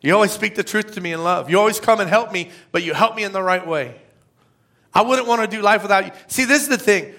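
A man preaching a conversational sermon, with a lively drawl and frequent "right?" asides. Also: sits high, fast. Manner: energetic, conversational, tag questions. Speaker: pastor.

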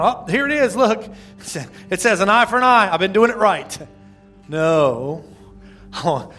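Man, pastor, sermon, casual preaching, stammered restarts, sudden loud rises. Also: fairly high pitch.

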